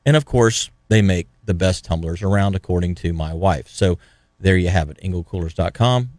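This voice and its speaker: A man's voice: deep voice, normal speed, a little mellow, no room sound, clean studio sound. A man hosting a radio show, chatting casually and telling stories in a folksy, rambling way. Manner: folksy, rambling, with many "you know" asides. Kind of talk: casual radio talk and storytelling.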